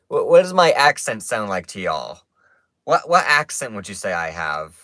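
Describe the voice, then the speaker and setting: A man from Kansas talks slowly and loosely to his stream chat, teasing them and wandering between topics with plenty of ums. His voice is bright and forward. The sound is dry and close, with no room echo. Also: fairly low pitch, very animated. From Kansas, United States. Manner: playful, teasing, rambling with many fillers. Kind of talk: casual chat answering a live chat. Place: indoor room with stuffed animals.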